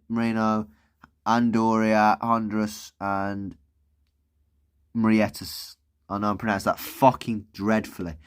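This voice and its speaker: A man giving casual, rambling commentary while playing a video game, swearing and thinking aloud. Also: fairly low pitch. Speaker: gaming video creator.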